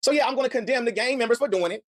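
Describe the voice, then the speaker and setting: Guy ranting fast on his commentary stream, earnest, dry close sound. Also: very high-pitched, no echo. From Chicago. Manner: heated, earnest, repeats words as he builds a point. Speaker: commentary channel host. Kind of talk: reaction commentary.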